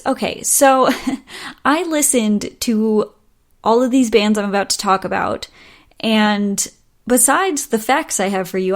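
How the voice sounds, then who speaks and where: Chatty woman hosting a podcast. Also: on the high side. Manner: chatty, laughs often, many ums and likes. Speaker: podcast host. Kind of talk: casual solo podcast chat.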